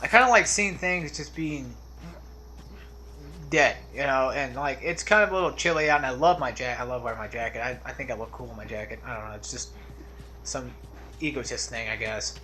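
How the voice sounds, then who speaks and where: Rambling man with a bright voice. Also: medium pitch, fairly quick, slight background noise. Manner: rambling, drifts off on tangents; laid-back, trails off into mumbles. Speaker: let's play commentator. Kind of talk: casual gameplay commentary.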